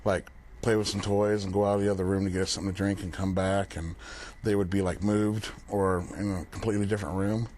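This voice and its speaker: A man's voice: deep voice, fast, slight background noise. A young man who is a paranormal investigator, speaking as a guest in a casual TV interview, plain-spoken and full of fillers like "um" and "like". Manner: relaxed, plain-spoken, uses many fillers like "um" and "like". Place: TV studio.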